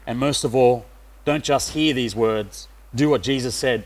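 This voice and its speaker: A middle-aged man from Australia giving a sermon, pausing often with "uh" fillers. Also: medium pitch. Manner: hesitant, many "uh" fillers. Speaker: preacher.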